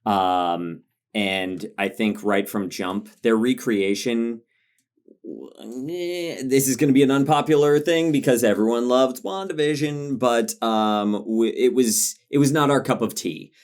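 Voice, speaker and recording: A man's voice: mid-range voice, unhurried. A man co-hosting a podcast, talking in a hesitant, stammering way and laughing easily. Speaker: podcast co-host. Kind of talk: casual chat.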